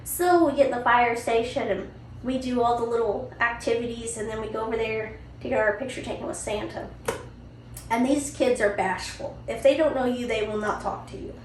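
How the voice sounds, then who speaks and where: Chatty mom host telling a story, kinda high voice, echoey room, mic set back with faint background hum. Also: female voice, a little fast. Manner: chatty, animated, lots of "you know" and "right?". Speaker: podcast host. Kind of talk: casual storytelling. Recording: roomy, distant mic, faint ambience.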